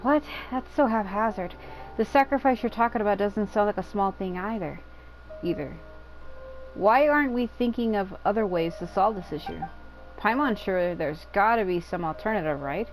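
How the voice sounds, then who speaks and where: A woman's voice: mid-range voice, normal speed, soft background music, lightly acted, poor audio. A woman reading the lines of a small, outspoken female companion creature from a game, in a plain voice. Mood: worried. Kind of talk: reading game dialogue aloud.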